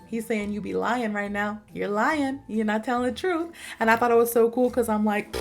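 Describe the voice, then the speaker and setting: Chatty high-voiced woman teaching slang. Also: brisk, hardly any pauses, soft background music. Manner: chatty, animated, acts out quotes. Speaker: English teacher. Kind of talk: casual storytelling lesson.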